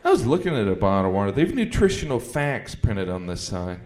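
A stand-up comedian, a man from Indiana, works the stage with a lively, swooping delivery. He keeps slipping into put-on character voices between his own lines. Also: lowish voice, fast talker. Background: audience laughter.

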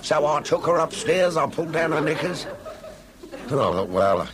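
A man performing live stand-up comedy, telling a story in a deadpan way with pauses before punchlines. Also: fairly high pitch. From Australia. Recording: live venue with audience and background noise.

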